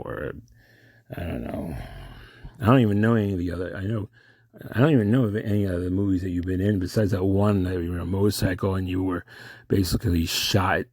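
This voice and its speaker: A man's voice: deep voice, a little mellow, breathy edge, no echo, clean studio sound. A man in a rambling, improvised comic monologue, often losing his train of thought and trailing off.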